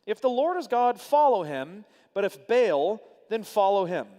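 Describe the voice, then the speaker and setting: A man's voice: sits high, big pitch swings, normal speed, a little mellow, in a large hall. A man voicing a bold, defiant male prophet as he reads scripture aloud, proclaiming and sometimes mocking. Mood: challenging.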